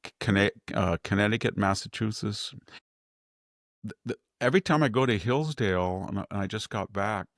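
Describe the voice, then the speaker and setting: Podcast commentator, male, very low gravelly voice, rambling delivery, dry close sound. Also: moderate pace, no room sound. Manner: rambling, with frequent restarts and quoted asides. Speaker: guest commentator.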